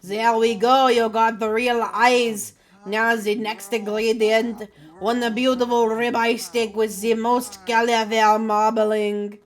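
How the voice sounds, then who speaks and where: A woman voicing a brash, boastful bartender and master chef who talks slowly and loudly, as if announcing. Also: mid-range voice, little pitch movement, close to an everyday voice. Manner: slow, loud, showy announcing.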